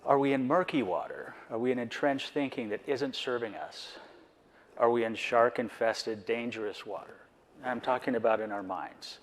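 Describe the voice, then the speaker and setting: A man on a conference board giving a reflective, personal talk, earnest and full of rhetorical questions. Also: medium pitch.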